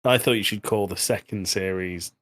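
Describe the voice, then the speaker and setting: A man's voice: sits low, normal speed, fairly bright tone. A young man from England co-hosting a podcast, swapping jokes and teasing in loose casual banter. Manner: jokey, teasing, swears casually. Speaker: podcast co-host.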